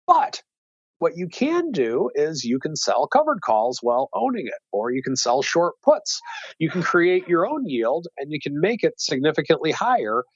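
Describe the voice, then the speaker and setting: Male guest commentator, animated pitch, fairly high voice, thinks aloud with fillers, dry dull recording. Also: normal speed, breathy edge, dry recording. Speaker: wealth manager guest. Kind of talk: casual market commentary.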